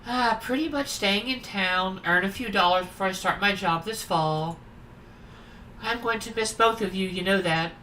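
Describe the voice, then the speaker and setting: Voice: mid-range voice, normal speed, bright, forceful tone, far from the mic, a little hiss or hum, lightly acted, rough recording. A streamer playing an easygoing young woman. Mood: fond.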